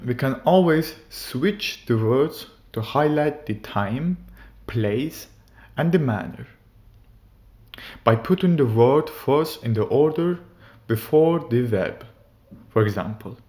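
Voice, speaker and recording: A man teaching grammar, explaining sentence structure step by step and reading out example sentences slowly and carefully. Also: medium pitch, darkish tone. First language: German. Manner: slow, deliberate, reads German examples carefully. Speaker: language teacher.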